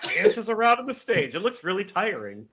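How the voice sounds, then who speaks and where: A man's voice: high-pitched, big pitch swings, normal speed, crowd noise. A man co-hosting a podcast, chatting casually and laughing often. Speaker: podcast co-host. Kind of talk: casual chat.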